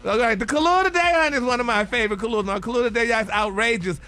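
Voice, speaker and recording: Man, high voice, sassy radio gossip co-host, calls everyone honey. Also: lively intonation, fast talker, hardly any pauses, sharp tone, soft background music. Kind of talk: casual morning radio gossip chat.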